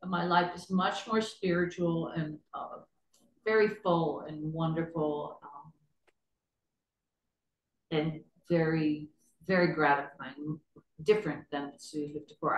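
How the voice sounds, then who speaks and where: A woman's voice: deep voice, roomy sound, low-quality recording. A woman chatting as an interview guest, rambling and laughing often. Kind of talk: casual interview chat.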